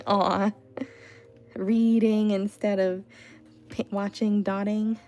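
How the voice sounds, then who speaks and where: A woman's voice: mid-range voice, little pitch movement, takes it slowly, dark tone, soft background music. A woman hosting an art livestream from home, chatting casually with lots of "like" and "you know".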